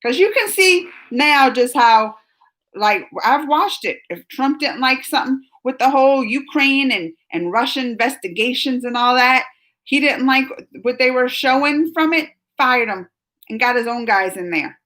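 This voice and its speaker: A woman's voice: high-pitched, lively intonation, a little slow. A woman hosting a casual live chat, rambling and getting worked up as she reads comments. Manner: rambling, gets worked up then trails off quietly. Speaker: livestream host reading chat.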